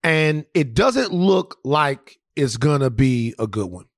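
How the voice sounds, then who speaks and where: A man from Louisiana co-hosting a podcast and telling a story in casual, profane, animated chat with many restarts. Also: medium pitch, slow, dry recording, studio quality. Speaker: podcast co-host.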